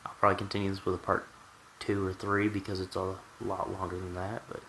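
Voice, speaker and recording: A man's voice: deep voice, monotone, fast talker, bright, forceful tone, a little hiss or hum, low-quality recording. A man telling a candid, wry personal story to the camera in a storytime vlog. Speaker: vlogger.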